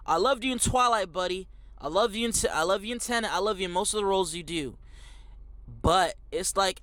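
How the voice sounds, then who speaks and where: Ranting man with a high-ish voice. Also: fairly bright tone, no echo. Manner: emphatic, repetitive, slangy, calls viewers bro. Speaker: movie reviewer. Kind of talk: out-of-theater reaction rant.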